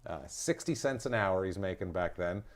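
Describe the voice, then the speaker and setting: A man hosting a casual true-crime podcast, telling the story loosely with lots of swearing and quick jokes. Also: low-pitched, lively intonation. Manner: loose, profane storytelling with quick comic impressions. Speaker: podcast host.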